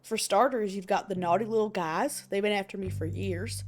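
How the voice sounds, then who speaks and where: A woman's voice: mid-range voice, normal speed, slight background noise, natural voice. A woman voicing a paranoid, distrustful loner in a game. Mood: wary. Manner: wary, distrustful. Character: paranoid suspicious loner animal villager.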